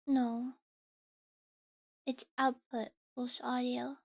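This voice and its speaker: High-voiced woman chatting on stream. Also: level tone, drawn-out words, vocal fry, no room sound. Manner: rambling, chatty, many fillers and restarts. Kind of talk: casual live-stream chat. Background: faint background music.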